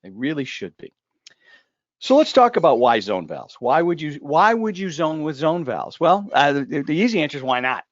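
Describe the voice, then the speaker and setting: A man's voice: on the high side, big pitch swings, moderate pace, no room sound, dull audio. A man hosting a casual live discussion, talking in a joking, rambling way full of asides and restarts. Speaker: host.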